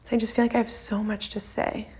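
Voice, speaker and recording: A young woman hosts her own podcast alone, talking casually and nervously into her mic in a rambling solo monologue full of fillers and the odd swear. Her mid-range voice is fast, a little mellow and husky, with little pitch movement.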